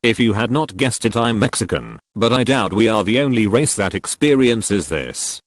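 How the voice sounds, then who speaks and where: A man reads online posts aloud in a fairly low voice. His pitch rises and falls a lot as he moves from one post to the next. The sound is close and dry, with no room around it. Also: expressive, normal speed, dry recording. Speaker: narrator of forum posts. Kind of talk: scripted narration of online posts.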